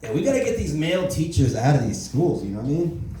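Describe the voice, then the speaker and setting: A man working an open mic stand-up set, casual and profane, tagging his jokes with "right?" and "you know?". His voice is dark and mellow, and his pitch moves in lively swings. He is heard from a little distance in a boomy, echoing club room with faint noise behind him. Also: quick pace. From Korean heritage. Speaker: stand-up comedian.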